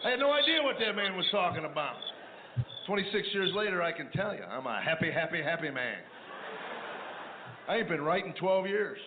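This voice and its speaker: On stage, a man spins sarcastic, wry tales of marriage in a high, expressive voice at a quick pace. The sound is roomy, and the audio is tinny and noisy, like a phone line.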